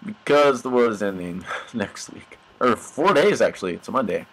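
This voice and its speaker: A man's voice: on the low side, animated, normal speed, fairly bright tone, poor audio. A young man giving goofy, mock-dramatic commentary over his own gameplay, talking to the animals on screen.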